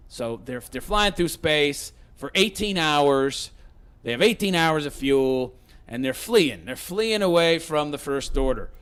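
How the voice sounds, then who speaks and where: A man's voice: a little high, expressive, unhurried, fairly bright tone, clear, resonant tone. A man giving a sarcastic, rambling movie rant, full of fillers and restarts. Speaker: film reviewer.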